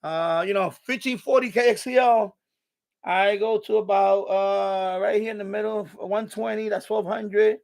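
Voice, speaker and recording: A man's voice: high-pitched, steady tone, a little slow, gravelly. A man hosting an unscripted live stream from his home radio room, rambling, swearing a lot and sounding irritable as he shows his radios.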